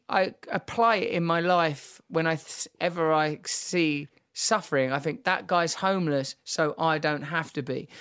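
A middle-aged man talks on his podcast in long, rambling runs of storytelling. His phrasing is vivid and impassioned, and his voice sits a little high for a man. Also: a bit bright. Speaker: podcast host. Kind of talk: conversational storytelling.

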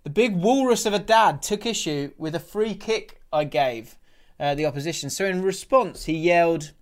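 Guy cohosting a footy podcast, reads out listener messages, laughs loads, bit higher voice. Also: moderate pace. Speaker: podcast co-host. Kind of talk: casual chat.

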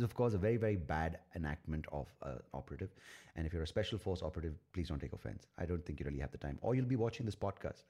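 A man hosts his own podcast and rants alone, crude, sarcastic and full of opinions. His voice is deep. His pitch moves a lot as he talks. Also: warm tone. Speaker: podcast host. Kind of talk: solo podcast rant.

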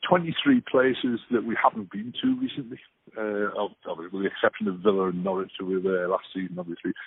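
A man's voice: fairly low pitch, husky, dry recording. A man with a Geordie accent from Newcastle, a football fan chatting wryly as a guest in a phone interview. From Newcastle, England. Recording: tinny phone line.

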